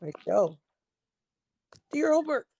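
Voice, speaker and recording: A woman's voice: high-pitched, sing-song, moderate pace, creaky, a little mellow, a little hiss or hum. A young woman hosting her own show, reading news headlines aloud and reacting with blunt, sarcastic remarks and frequent laughs. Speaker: show host.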